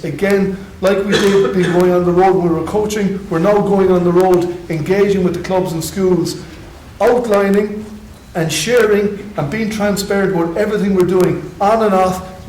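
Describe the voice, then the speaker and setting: A high-pitched Irish man explains his work on a conference panel, earnest and stumbling now and then. The hall is echoey, with a faint background hum. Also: fairly even intonation, normal speed, darkish tone. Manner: earnest, with restarts. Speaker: sports development panelist.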